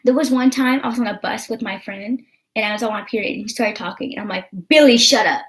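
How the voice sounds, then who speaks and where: A woman's voice: on the high side, steady tone, fast. A young American woman vlogging in casual chat, rambling with lots of fillers and swearing.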